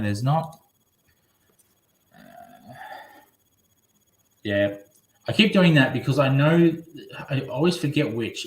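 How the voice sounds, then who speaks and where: A man chatting casually on a live stream, rambling and reading viewers' comments aloud. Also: medium pitch. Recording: echoey room.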